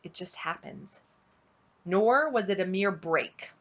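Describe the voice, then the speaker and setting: A woman reading a novel aloud at home, unhurried and dramatic, dropping to a hush at tense moments. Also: medium pitch, expressive, muffled recording. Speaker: audiobook reader on her channel.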